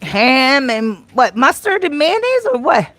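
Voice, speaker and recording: A woman's voice: high-pitched, sing-song, unhurried, fairly bright tone. A woman with an American accent, hosting a live stream in a playful, laughing manner, reading chat comments aloud.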